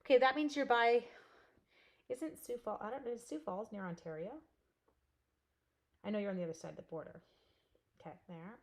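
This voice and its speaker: With a mid-range voice and fairly even intonation, a Canadian woman in middle age leads a live crafting class. She talks briskly with long pauses, chatting with viewers, murmuring through each step, and giggling.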